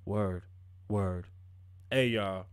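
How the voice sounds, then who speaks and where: A man's voice: low-pitched, extremely slow, smooth, dry recording. Sarcastic man riffing on the news. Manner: mocking, rhetorical questions, breaks off to laugh. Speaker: commentary vlogger. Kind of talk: profane sarcastic news commentary.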